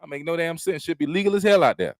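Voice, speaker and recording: A man's voice: a little high, lively intonation, quick pace, no room sound. A man doing a casual stream chat, rambling and cursing freely as he tells stories from home. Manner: rambling, profane, laid-back storytelling. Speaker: comedian hosting his own stream. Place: at home, smoking while chatting.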